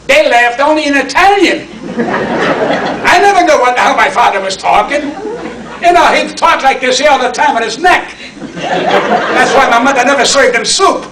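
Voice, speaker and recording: Old new comic in his 80s cracking wise at a banquet, bright voice, off mic, echoey hall. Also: very high voice, far from the mic, a little hiss or hum. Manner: brash, punchy comic delivery with wisecracks. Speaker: award honoree and comedian. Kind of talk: stand-up acceptance speech.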